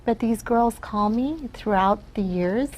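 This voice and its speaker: A woman's voice: a little high, unhurried, darkish tone, slight background noise, rough recording. A woman from the Philippines, a guest on a talk show, telling stories in an earnest way and often asking "right?". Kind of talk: casual interview talk.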